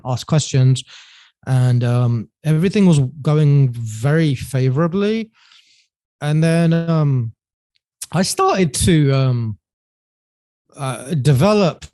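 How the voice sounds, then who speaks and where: A man as a podcast guest, telling his story in a relaxed way with many fillers and self-corrections. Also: a little high, dry recording. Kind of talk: casual storytelling interview.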